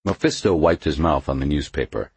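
A male narrator reading a thriller audiobook in a deep, husky voice, recorded close. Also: brisk, no echo.

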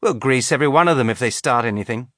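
A man's voice: mid-range voice, animated, fast, a bit bright, dry recording, clean studio sound, close to an everyday voice. A man voicing a brash, belligerent Australian soldier in an audiobook.

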